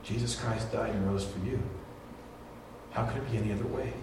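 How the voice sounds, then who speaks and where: A man's voice: fairly even intonation, fairly quick, far from the mic. Guy preaching a sermon, super echoey church sound, mic a ways off, some faint room noise. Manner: storytelling, rises to high emphatic peaks. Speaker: pastor.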